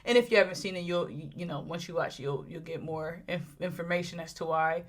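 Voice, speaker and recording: A woman's voice: on the low side, brisk. A woman talking casually and enthusiastically through a movie review, with many fillers and restarts.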